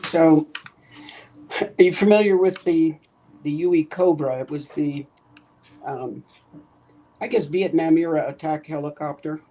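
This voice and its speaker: A man's voice: fairly high pitch, a little slow, long pauses, warm tone, slight background noise, rough recording. A man co-hosting a casual livestream, cracking jokes and recalling his time in the service. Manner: wisecracking, reminiscing about his service. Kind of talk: casual chat.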